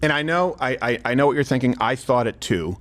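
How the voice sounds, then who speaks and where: A man's voice: medium pitch, lively intonation, fairly quick, a bit bright, a faint crowd. Emphatic man narrating political commentary. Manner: emphatic, argumentative, addresses viewers directly.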